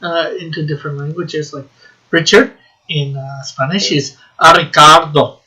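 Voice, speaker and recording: A man's voice: on the high side, steady tone, normal speed, a bit bright, rough recording. A man with a Canadian accent who co-hosts and reads out chat messages in a chatty, giggly way. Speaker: co-host reading chat. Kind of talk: casual group chat.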